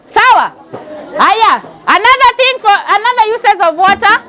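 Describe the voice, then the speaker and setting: A woman's voice: very high-pitched, expressive, unhurried, bright, forceful tone, a faint crowd, slight background noise. A woman with a Kenyan accent teaching a pre-primary class, calling out questions and having the children repeat answers. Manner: call-and-response, mixes in Swahili phrases.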